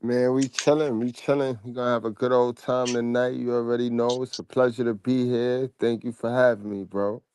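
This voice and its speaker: A man joining a casual show as co-host, easygoing and relaxed. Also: medium pitch, normal speed, few pauses, a little hiss or hum. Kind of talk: casual chat.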